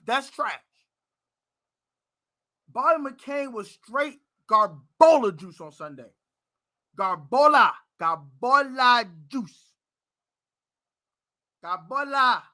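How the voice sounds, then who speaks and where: An American man hosting a fan live stream, ranting loudly about his team's players and shouting at times. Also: very high-pitched, slow pace, long pauses. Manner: loud, animated ranting, shouting and laughing. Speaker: sports fan show host. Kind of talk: heated live-stream rant.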